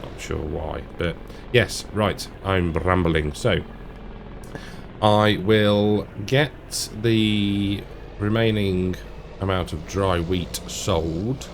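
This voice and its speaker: Low, slow-talking man chatting over gameplay. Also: vocal fry, a little hiss or hum. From England. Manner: rambling, self-deprecating, chatty. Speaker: gaming channel host. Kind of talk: casual gameplay commentary. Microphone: desk mic with headphones.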